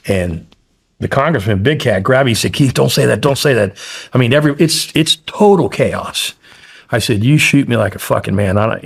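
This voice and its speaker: Middle-aged man, gravelly, husky, blunt profane storyteller, low-pitched. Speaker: guest, former hostage. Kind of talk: podcast interview storytelling.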